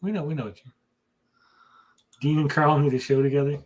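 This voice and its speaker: Teasing, higher-voiced male co-host. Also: fairly even intonation, a little fast, a little mellow, a little hiss or hum. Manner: teasing, joking. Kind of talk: casual chat.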